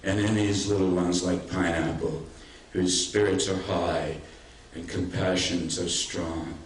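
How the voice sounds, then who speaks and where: An older man giving a public talk, telling anecdotes with warmth and self-deprecating humor. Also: deep voice, steady tone, unhurried, a little hiss or hum. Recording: roomy hall, mic at a distance.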